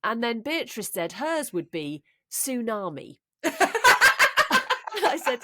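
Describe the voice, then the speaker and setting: A woman's voice: a little high, sing-song, takes it slowly, bright, forceful tone. A woman, a podcast co-host telling a funny family story and laughing often. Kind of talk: comic anecdote, casual chat.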